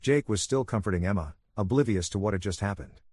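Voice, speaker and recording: A man calmly narrating a first-person story in an even, soothing manner. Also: on the low side, fast talker, no echo.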